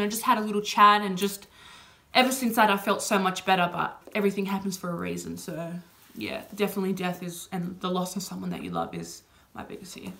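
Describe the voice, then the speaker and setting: A woman's voice: mid-range voice, pushed and bright. Young Aussie woman, vlog Q&A, open and emotional, lots of filler words. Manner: chatty, heavy on "like" and "you know" fillers. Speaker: vlogger. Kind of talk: casual personal Q&A.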